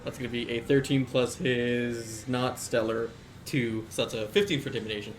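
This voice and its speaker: A man's voice: mid-range voice, normal speed. Young male game master, casual and chatty; room echo, light background hiss. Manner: laid-back, filler-heavy, laughs often. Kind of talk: narrating a tabletop game. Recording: echoey room with faint noise.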